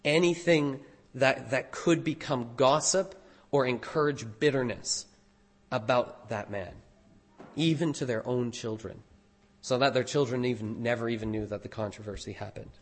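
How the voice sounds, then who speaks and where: A man, a pastor, preaching a sermon in an earnest, deliberate way, stressing key phrases. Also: medium pitch.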